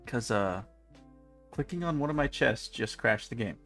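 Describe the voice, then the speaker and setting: A man's voice: mid-range voice, lively intonation, normal speed, creaky, a bit bright, soft background music. A man casually rambling through live gameplay commentary, chatty and self-mocking, speaking into a desk mic with a pop filter. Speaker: game streamer.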